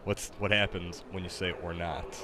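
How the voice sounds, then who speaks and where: Deep-voiced man rambling on stream. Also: flat delivery, moderate pace, noisy background. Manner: rambling, lots of fillers and restarts, laughs easily. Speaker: game streamer. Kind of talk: casual livestream chat.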